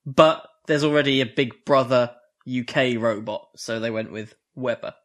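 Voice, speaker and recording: Man, co-host, casual and amused, mid-pitched, reads facts. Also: moderate pace. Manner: laughs often, reads out robot facts. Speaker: podcast co-host. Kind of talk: casual chat about robot combat.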